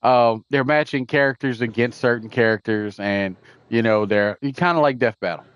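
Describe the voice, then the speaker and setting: Smooth-voiced, laid-back podcast man. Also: mid-range voice, a bit bright, no echo, muffled recording. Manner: laid-back, slangy, drawn-out storytelling. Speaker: podcast co-host. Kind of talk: casual gaming chat.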